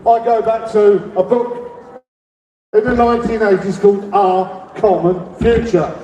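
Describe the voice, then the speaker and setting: A middle-aged man with a London accent giving a rambling rally speech as an activist, shouting demands and leading the crowd in call-and-response. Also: high-pitched, steady tone, a little slow, lo-fi sound. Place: public rally. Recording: echoey, distant, with crowd noise. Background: faint crowd and ambient noise.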